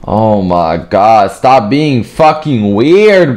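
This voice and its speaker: A man's voice: mid-range voice, lively intonation, normal speed. Foul-mouthed young man commenting on gameplay. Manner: profane, joking, trash-talks other players; bursts into yelling. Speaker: gaming video creator.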